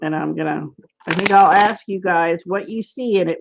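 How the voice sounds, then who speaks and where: A woman's voice: medium pitch, fairly quick, vocal fry, noisy background. A woman teaching a casual online tarot class, talking in a rambling, chatty way with lots of "like"s and frequent laughs. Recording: dull lo-fi webinar audio.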